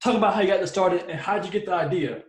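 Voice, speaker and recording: In an echoey room, a podcast host with a high voice and quick pace interviews his guest. He comes across friendly and welcoming as he asks his questions.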